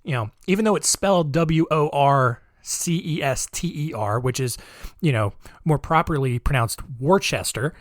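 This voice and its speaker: A man's voice: on the high side, normal speed, dry recording, clean studio sound. Chatty podcast host man. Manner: chatty, sarcastic asides. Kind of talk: casual podcast narration.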